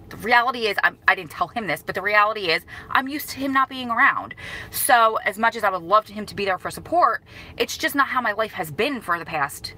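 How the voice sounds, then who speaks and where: A woman's voice: mid-range voice, bright, forceful tone, a little hiss or hum, low-quality recording. A woman vlogger talking casually to her viewers, emotional and holding back tears, rambling and apologizing as she goes. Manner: rambling and apologetic, many restarts. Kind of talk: casual talk to camera.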